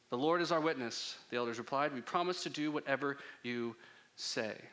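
A man's voice: medium pitch, fairly quick, fairly bright tone. A young adult man preaching a sermon in a casual, joking, conversational way. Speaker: pastor.

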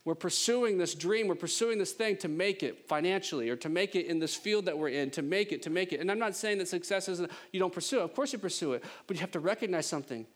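Guy preaching, high voice, really animated and emphatic, cracks jokes between points. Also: fast talker, few pauses. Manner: animated and emphatic, joking asides. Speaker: pastor. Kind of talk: sermon.

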